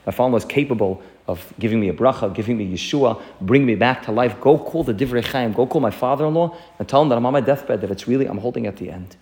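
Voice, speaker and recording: A man's voice: medium pitch, fast, few pauses, a little mellow, natural voice. A man voicing a dying man who pleads from his deathbed with his father-in-law in a told story. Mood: pleading. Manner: pleading, anxious.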